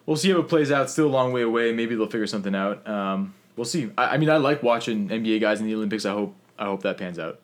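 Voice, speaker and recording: Fast-talking upbeat podcast host. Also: male voice, lowish voice. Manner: upbeat, laughs often, runs the news segment. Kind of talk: casual sports chat.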